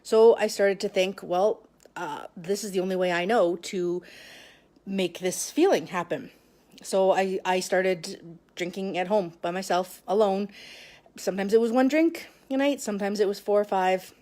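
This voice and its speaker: A woman talks to camera in a personal, confessional vlog. Her voice sits at a middle pitch, and she sounds emotional and close to tears. She speaks haltingly, often restarting her sentences and pausing for long stretches. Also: darkish tone. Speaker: vlogger sharing a personal story.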